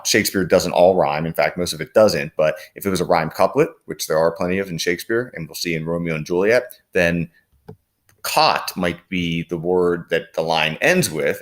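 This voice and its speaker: Deep-voiced man giving a lesson. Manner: explains patiently with frequent fillers, quotes lines aloud. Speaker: teacher. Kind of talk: recorded classroom lecture.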